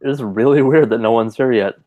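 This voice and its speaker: A man co-hosting a casual online chat, relaxed and quick to laugh. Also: mid-range voice, no echo, narrow, tinny audio. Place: online video call.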